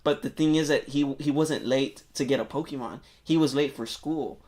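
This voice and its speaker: A man on a podcast excitedly retelling a movie plot in casual, rambling chat, full of filler words and swearing. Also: mid-range voice, moderate pace. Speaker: podcast co-host.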